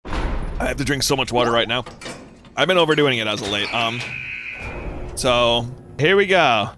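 A young man from North Carolina giving casual, rambling gameplay commentary as a gaming YouTuber, giggly and excitable. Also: medium pitch, normal speed, over music.

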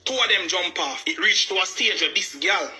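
A man's voice: sits high, animated, moderate pace, over music. A man with a Jamaican accent giving a heated personal account, agitated and repeating himself for emphasis. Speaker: family member speaking out.

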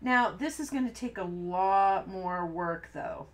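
A woman's voice: medium pitch, slow. A woman hosting a live-stream card-making tutorial, talking casually and rambling as she works, often breaking off mid-sentence and laughing at her own slips. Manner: chatty, rambling, self-interrupting, laughs at herself. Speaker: crafting tutorial host. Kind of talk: live-stream craft demonstration.

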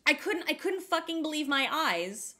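A young woman with a high, bright voice tells a story on a podcast. She swears freely, fills her talk with "like," and acts out what everyone said. It is loose, casual chat. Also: moderate pace. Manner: animated, sweary, full of "like" and acted-out quotes. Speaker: podcast co-host.

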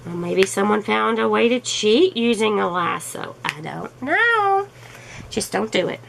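Gravelly-voiced chatty woman vlogger. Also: medium pitch, big pitch swings, a little slow, fairly bright tone, a little hiss or hum, poor audio. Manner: chatty and amused, full of rhetorical questions. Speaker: crafting vlogger. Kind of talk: casual chat.

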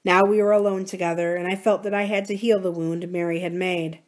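Brief: woman library reader, low voice, measured book narration. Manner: measured, even storytelling. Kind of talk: reading a novel aloud.

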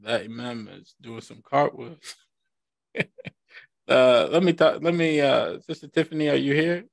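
A man's voice: mid-range voice, a little slow, vocal fry, dry recording. A man teaching a class over a video call, informal and joking, often repeating himself. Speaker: class instructor.

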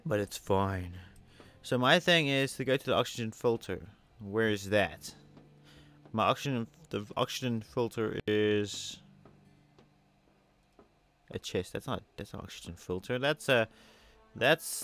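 A man narrating his play of a video game, excitable and chatty with viewers, swinging between loud outbursts and soft muttering. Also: fairly low pitch. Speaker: gamer. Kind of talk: let's play commentary.

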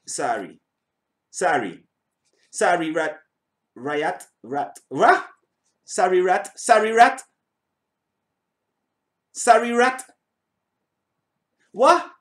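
A man's voice: sits high, very animated, drawn-out words, pauses often, fairly bright tone. A middle-aged man, hosting a reaction video in a rambling, casual way, repeating himself and swearing now and then. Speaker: reaction channel host.

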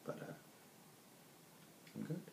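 A man's voice: takes it slowly, dark tone. A sleepy man giving brief, laconic replies in casual chat. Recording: roomy echo.

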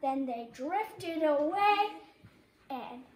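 A woman's voice: high-pitched, lively intonation, drawn-out words, darkish tone, roomy sound. A woman reading a picture book aloud at home, playful and laughing often as she reads.

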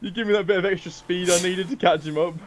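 A man's voice: high-pitched, steady tone, fast talker, a little hiss or hum. A man playing a racing game with a friend, laughing and joking about his own crashes. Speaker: co-player. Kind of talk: casual gameplay banter.

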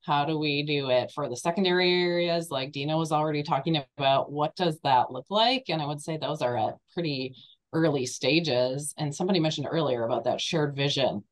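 A woman who is hoarse from a cold and is losing her voice, speaking earnestly as a webinar panelist. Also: low-pitched, fairly quick. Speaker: webinar panelist, residency program leader. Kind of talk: conversational panel remarks.

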